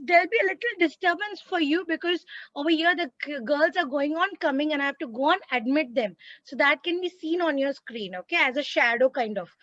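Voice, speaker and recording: Woman, Indian English accent, bright high voice, online grammar class, dry slightly dull call audio. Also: no echo. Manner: animated, acts out sentences with expression. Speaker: teacher. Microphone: video call.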